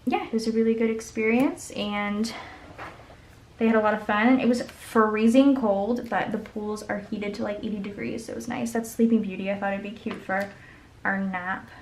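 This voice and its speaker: A woman's voice: medium pitch, fairly even intonation, moderate pace, a little mellow, slight background noise. A young woman, chatting and rambling through a story while decorating her planner, filling it with "like". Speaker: planner vlogger.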